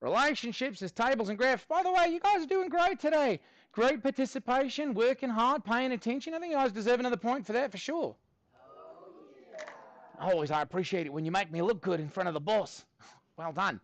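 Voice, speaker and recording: A man's voice: extremely high pitch, lively intonation, brisk, dry recording. A man teaching a middle school math lesson in a classroom, upbeat and chatty as he jokes with his students.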